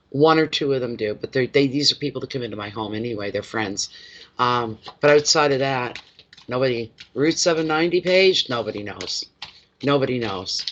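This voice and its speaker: Male tarot reader on a live stream, effusive and emotional, voice a bit high, sound dull and lo-fi. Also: a bit bright, a little hiss or hum. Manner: effusive and emotional, chats with viewers by name.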